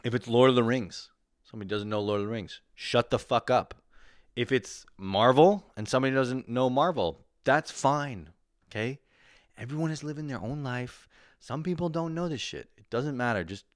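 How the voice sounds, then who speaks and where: A man hosting a comedy podcast, ranting in a crude, profane way, sweaty and tired after a run, often jumping into high mocking voices. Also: no echo, clean studio sound.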